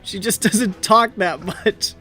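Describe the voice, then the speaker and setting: A man's voice: high-pitched, slow pace, bright, forceful tone, soft background music. A man running a tabletop game as game master, narrating casually and laughing with players.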